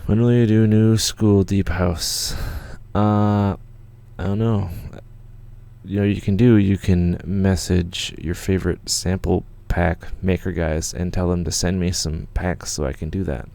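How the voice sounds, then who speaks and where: A man's voice: deep voice, flat delivery, a little slow, creaky, dark tone. A young man from Canada hosting a live studio Q&A stream, telling rambling stories in a laid-back way with lots of fillers and swearing. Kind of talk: casual livestream chat. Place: home studio.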